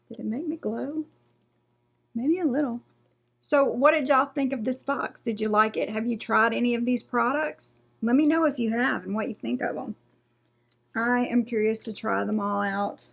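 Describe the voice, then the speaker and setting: A chatty woman talks through a beauty unboxing. Her voice sits a little high with a gravelly edge. She reads out product details, then trails off and restarts mid-thought. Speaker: beauty vlogger. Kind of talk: casual unboxing chat.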